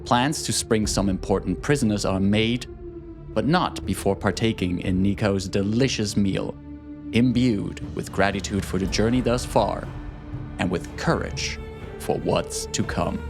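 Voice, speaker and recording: A man reading a scripted story recap in a measured, dramatic tone. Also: lowish voice, creaky, over music. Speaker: podcast player and recap narrator. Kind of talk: scripted narration.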